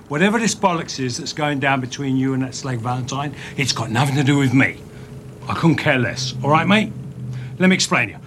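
Menacing Cockney ex-con. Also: male voice, a little high, a little hiss or hum, voice pushed up. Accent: thick Cockney. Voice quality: slangy, clipped, threatening calm. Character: tough working-class ex-con Englishman, menacing, unhurried. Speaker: film character. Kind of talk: film dialogue.

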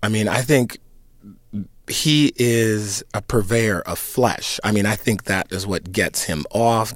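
A man's voice: low voice, a bit bright, no room sound. A man in his fifties, an actor and singer, answering interview questions in a reflective, conversational way with fillers and restarts. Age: 50s. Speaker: actor and singer in an opera production.

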